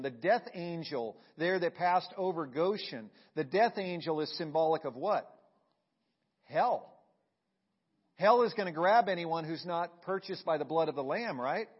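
A male pastor preaching a sermon, asking the congregation questions and swinging between hushed and loud delivery. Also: fairly high pitch, highs cut off. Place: church sanctuary.

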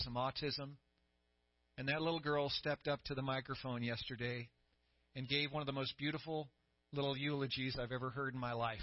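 A middle-aged man preaching a sermon as pastor, telling the story with growing excitement and a voice that climbs high. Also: no echo. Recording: dry, slightly dull sound.

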